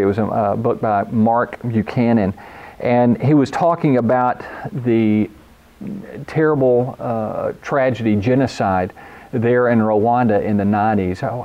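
A man's voice: medium pitch, mellow, muffled recording. A man preaching a sermon, speaking earnestly and driving points home with repeated phrases. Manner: earnest preaching, quotes scripture, emphatic repetition. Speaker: pastor.

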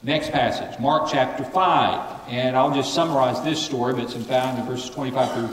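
A man's voice: mid-range voice, steady tone, normal speed, recorded from a distance, slight background noise. A man preaching a sermon, who calls on the congregation to repeat phrases back to him. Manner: leads call-and-response with the congregation. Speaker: pastor. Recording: echoey hall from afar.

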